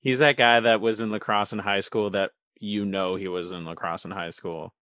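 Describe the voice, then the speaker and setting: A podcast co-host jokes about a movie in casual chat, swearing frequently. His voice is fairly low and fairly bright, with fairly even intonation and a moderate pace, recorded clean in a studio with no room sound.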